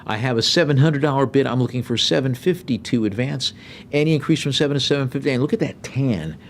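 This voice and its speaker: A middle-aged man working as an auctioneer, calling bids briskly with joking asides. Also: mid-range voice, a little hiss or hum.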